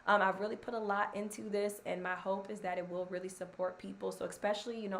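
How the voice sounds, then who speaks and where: Scratchy from allergies, a woman's gravelly, lowish voice carries her casual live stream, where she chats warmly, leans on filler, and encourages viewers. Slight background noise is audible.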